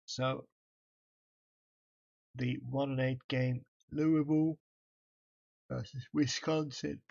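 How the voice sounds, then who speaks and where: A man's voice: mid-range voice, level tone, takes it slowly, vocal fry, dull audio. A tired man, casually commenting on a college football game stream as he reads through the stats. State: tired, yawning. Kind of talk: casual let's-play commentary.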